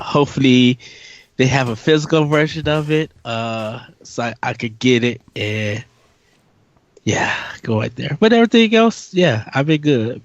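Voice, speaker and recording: Guy co-hosting a podcast, bit stuffy w a cold, excitable, kinda muffled dry sound. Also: mid-range voice, creaky, dry recording. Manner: repetitive and excitable. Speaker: podcast co-host. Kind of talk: casual podcast chat.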